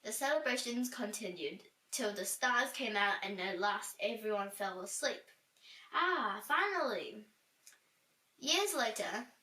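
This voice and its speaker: A woman reading a children's book aloud with expressive storytelling. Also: fairly high pitch. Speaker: storybook reader. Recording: roomy echo, distant from mic.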